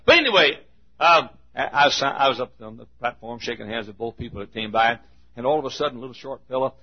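Husky folksy preacher, lo-fi tape. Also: male voice, mid-range voice, animated, quick pace. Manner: folksy storytelling, swinging from hushed to emphatic. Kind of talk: sermon. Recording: muffled lo-fi recording.

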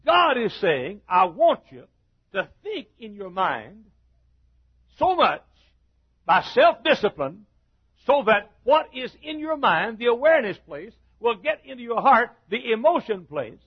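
Husky high-voiced preacher in dull recording. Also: male voice, sing-song, unhurried. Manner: repetitive preaching cadence, rising to shouts. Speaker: pastor. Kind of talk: sermon.

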